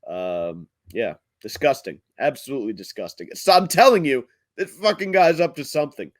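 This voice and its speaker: A man hosting his own comedy show, delivering a profane rant in a blunt, crude, halting way. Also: medium pitch, expressive, no echo. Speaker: podcast host and comedian.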